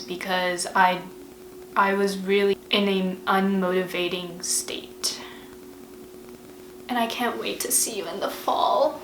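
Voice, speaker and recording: A young woman talks to camera in a relaxed, unhurried way, her voice bright and open. She speaks with lots of casual fillers and heartfelt emphasis. The room has a noticeable echo. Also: mid-range voice, slight background noise. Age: young adult. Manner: chatty, emotional, lots of "like" fillers. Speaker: vlogger. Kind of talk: casual advice vlog.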